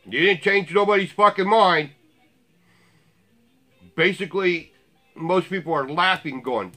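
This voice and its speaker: A man's voice: on the high side, unhurried, long pauses, sharp tone, soft background music. Blunt, profane man ranting. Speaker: vlogger. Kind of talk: ranting commentary.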